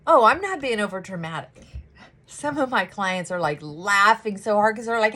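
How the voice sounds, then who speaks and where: A woman therapist chatting casually while doing her makeup, animated and acting out her clients' voices. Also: mid-range voice, moderate pace.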